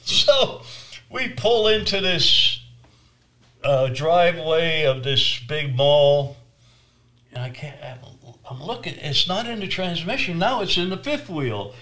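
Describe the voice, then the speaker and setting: Slow, hushed-to-loud testimony from a man. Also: fairly high pitch, lively intonation. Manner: dramatic, swinging between loud and hushed. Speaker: traveling evangelist telling his story. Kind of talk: personal testimony storytelling.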